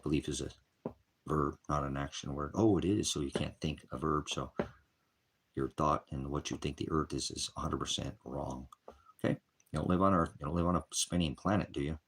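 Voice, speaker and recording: A street preacher delivers an informal, meandering sermon in a deep, husky voice, steady in tone and a little fast. He is combative, swears freely and often clears his throat between points.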